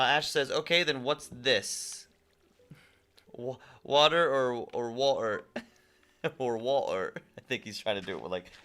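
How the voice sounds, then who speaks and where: A man's voice: mid-range voice, bright, forceful tone. A young man streaming a game, reading viewer messages aloud and chatting back casually. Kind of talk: casual live-stream chat.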